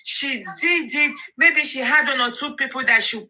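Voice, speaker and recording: A woman's voice: high voice, normal speed, bright, forceful tone, low-quality recording. A Nigerian woman speaking earnestly and encouragingly in a casual live audio chat, often repeating herself and slipping into pidgin and Yoruba. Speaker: social media commentator.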